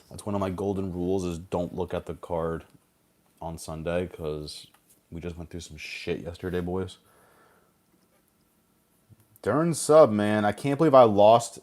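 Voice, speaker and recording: A man's voice: on the low side, a little mellow. A young man with a sore throat hosting a casual gaming livestream, rambling and cursing as he chats. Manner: rambling, profane, jokey. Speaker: livestream host. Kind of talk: casual streaming chat.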